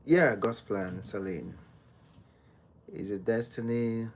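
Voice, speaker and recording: A Nigerian-born man hosting a casual live stream from home, greeting viewers by name and chatting with them in a soft, unhurried way. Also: fairly low pitch, slight background noise. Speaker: livestream host.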